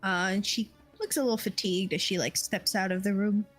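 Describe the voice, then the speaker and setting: A young woman narrating a tabletop game as game master, halting and full of fillers. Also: medium pitch, fairly even intonation, husky, soft background music, rough recording.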